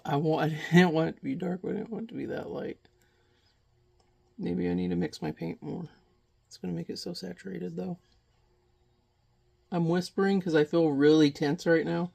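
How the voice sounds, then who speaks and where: Gravelly-voiced man chatting while he paints. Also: on the high side, fairly even intonation, moderate pace, long pauses, darkish tone. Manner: rambling, joking, with mild swearing. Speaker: painting vlogger. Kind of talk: casual chat while painting.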